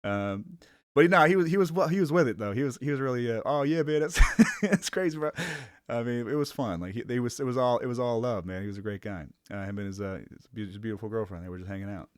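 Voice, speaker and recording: A man's voice: lowish voice, fast, no echo, studio quality. A young man from the Cleveland area rambling casually in a vlog, self-conscious, laughing often and swearing casually. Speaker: vlogger.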